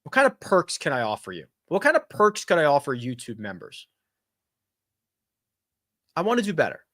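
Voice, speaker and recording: A man hosting a casual live-stream chat, thinking out loud and correcting himself as he answers viewer questions. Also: fairly high pitch, dry recording, studio quality. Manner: animated and chatty, thinks out loud with quick self-corrections. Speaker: host of a golf betting and fantasy live chat.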